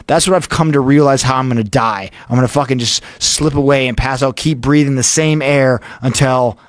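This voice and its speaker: A man's voice: mid-range voice, no room sound, studio quality. A man telling a near-death story as a podcast guest, profane and intense, replaying his own panic. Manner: profane, breathless retelling of a panic.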